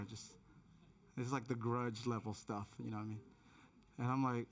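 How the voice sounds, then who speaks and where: A man in his thirties preaching a sermon in a church, telling a personal story with frequent restarts and hushed moments for suspense. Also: mid-range voice, flat delivery, normal speed. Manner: many restarts and repeated words. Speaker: pastor. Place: church auditorium.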